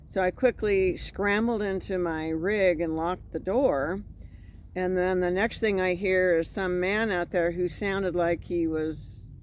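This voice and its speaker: A woman's voice: lowish voice, a little slow, slight background noise. Woman vlogger telling a story. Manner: animated retelling with quoted voices. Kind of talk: casual storytelling.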